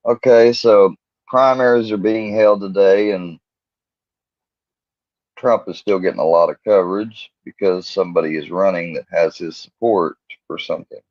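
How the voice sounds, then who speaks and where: A man with a very low voice hosts a casual livestream, rambling and chatting to his viewers. The sound is dry and close, with a slightly dull, lo-fi quality. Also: steady tone, moderate pace, no echo. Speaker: livestream host.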